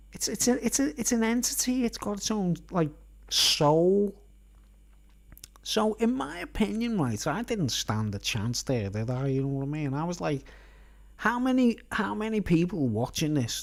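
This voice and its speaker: A man's voice: a little high, gravelly, a little mellow. A man tells a long personal story on a live stream. He rambles casually and keeps checking in with his listeners. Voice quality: conversational, constantly checks in with "right?".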